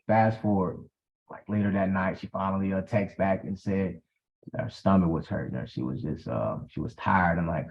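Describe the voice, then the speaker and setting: A man, telling a personal story as a guest, emphatic and acting out the dialogue. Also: normal speed. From South Carolina. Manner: animated, emphatic, acts out dialogue with big pitch swings. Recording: dull lo-fi audio.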